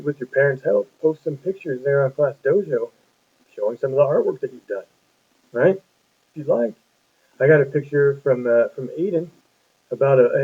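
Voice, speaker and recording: Man, phonics teacher for young kids, encouraging, patient, questioning, husky, lo-fi phone-like audio. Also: mid-range voice. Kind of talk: phonics lesson for young children. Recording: tinny lo-fi phone-like sound.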